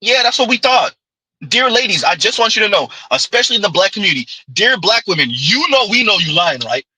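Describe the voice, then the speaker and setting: A man's voice: high voice, very animated, a little fast, sharp tone, slightly rough, no room sound, low-quality recording. A man, giving an opinionated commentary monologue with emphatic call-outs and rhetorical asides. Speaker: commentary vlogger.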